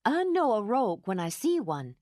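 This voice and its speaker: A woman voicing a fierce, protective older housekeeper who talks in indignant, excitable outbursts. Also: a little high, normal speed, dry recording, studio quality, voice pushed up. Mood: fussing.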